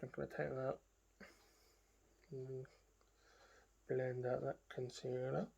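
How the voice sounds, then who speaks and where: A woman's voice: very deep voice, level tone, takes it slowly, gravelly, dark tone, husky. A woman beauty vlogger talking casually through a makeup tutorial, chatting to herself and trailing off into murmured asides as she works.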